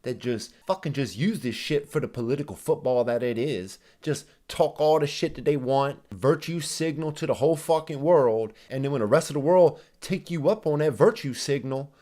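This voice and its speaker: A man's voice: mid-range voice, moderate pace, few pauses, mellow. A man hosting a reaction video, ranting heatedly and sarcastically with constant swearing and mocking asides. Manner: mimics others in exaggerated voices. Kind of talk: profane ranting commentary.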